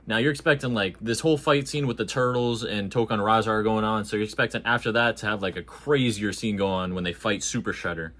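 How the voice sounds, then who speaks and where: A man giving a casual, animated and slangy movie review, joking along as he talks. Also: on the low side, quick pace, few pauses.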